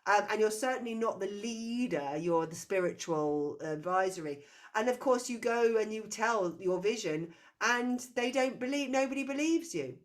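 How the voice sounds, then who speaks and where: A woman with a mid-range voice and lively intonation speaks at a moderate pace. She's giving a client a past-life reading in a spiritual session, talking intensely and circling back as she hunts for words.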